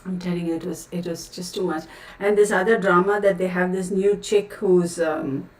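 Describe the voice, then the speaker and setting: A woman's voice: on the low side, steady tone, normal speed, a little mellow. Outspoken woman ranting in a roomy echo. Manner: outspoken, exasperated ranting with many fillers. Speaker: tarot reader hosting a livestream. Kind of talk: casual livestream chat. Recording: roomy sound from a distant mic.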